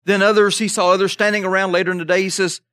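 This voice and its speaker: A man's voice: high voice, flat delivery, racing, fairly bright tone, no room sound. A man preaching a sermon in a conversational way, checking in with the congregation as he goes. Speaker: pastor.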